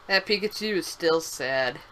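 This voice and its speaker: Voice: mid-range voice, lively intonation, measured pace, bright, forceful tone, slight background noise, rough recording. A young adult co-host chatting casually on a game stream, giggly and a bit stumbling. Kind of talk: casual gameplay chat.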